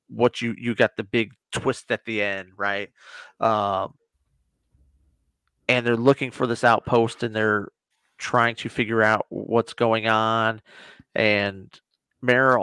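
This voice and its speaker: A man's voice: fairly low pitch, a bit bright, clear, resonant tone, dry recording. Rambling man retelling a show. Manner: rambling, retells scenes with quick quoted voices. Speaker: guest. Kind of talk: casual reaction chat.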